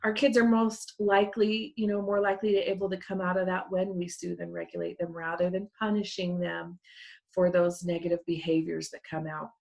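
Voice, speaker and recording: Middle-aged woman, parent educator, warm-hearted chatty webinar delivery, a touch of fry. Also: on the low side, level tone, a little fast. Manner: earnest, conversational, gestures with a hand model. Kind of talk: webinar teaching.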